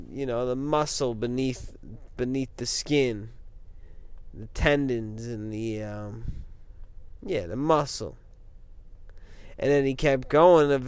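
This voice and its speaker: A man speaks in an unhurried, rambling monologue, keeping his voice at an ordinary pitch. He meanders from point to point and peppers his talk with fillers and casual asides. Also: clear, resonant tone, no echo. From American Midwest.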